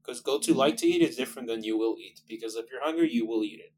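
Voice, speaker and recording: A man's voice: medium pitch, quick pace, a little mellow, a little hiss or hum, poor audio. A man guest in casual podcast chat, rambling and laughing often.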